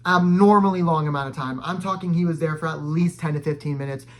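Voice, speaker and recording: A young adult man telling a dramatic personal story in casual storytime style, full of "like" fillers and sudden loud, high bursts. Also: fast. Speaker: storytime vlogger.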